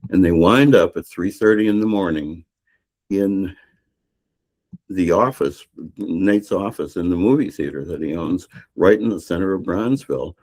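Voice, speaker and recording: Older guy with a real deep voice telling his novel's story, lots of uh and you know. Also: normal speed, darkish tone. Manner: rambling storyteller with many restarts and fillers. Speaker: novelist guest. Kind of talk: retelling a novel's plot in a podcast interview.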